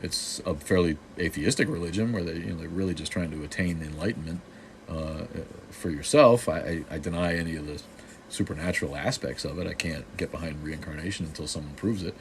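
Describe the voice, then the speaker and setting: A man's voice: low voice, fairly quick, vocal fry, slight background noise. A man from Boston, maybe middle-aged, hosting a casual live stream and answering viewer comments in a snarky, joking way with plenty of restarts.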